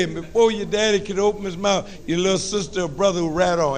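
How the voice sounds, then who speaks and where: A man with a New Orleans accent giving a lively motivational talk to high school students, with call-and-response and humor. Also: moderate pace, a little hiss or hum. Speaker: motivational speaker.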